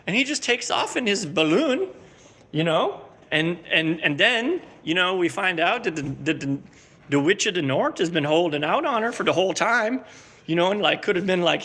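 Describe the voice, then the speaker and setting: A man's voice: high-pitched, lively intonation, normal speed, sharp tone. A middle-aged man, telling a rambling comic story full of fillers. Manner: rambling, filler-heavy, laid-back storytelling. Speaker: comedic character host. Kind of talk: rambling comedic monologue.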